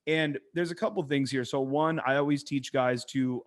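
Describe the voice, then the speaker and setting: A man, a dating coach, talking casually on a podcast, an animated and profane storyteller who acts out quotes in a hushed voice. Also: medium pitch, moderate pace. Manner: profane, emphatic.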